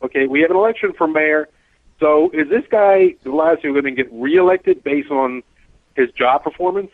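New man, talk host, rambling and frustrated, slightly high voice, thin phone-like sound. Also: moderate pace, dry recording. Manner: rambling, stop-start, frustrated. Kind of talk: casual talk show discussion. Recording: tinny phone-like line.

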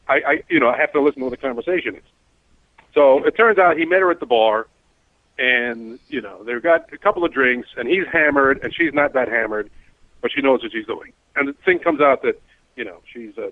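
A man's voice: mid-range voice, brisk, dry recording. A man, a cab driver who is a regular on a talk show, telling a rambling story and acting out the voices in it. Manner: rambling, animated storyteller, acts out quoted voices. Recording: tinny phone-like line.

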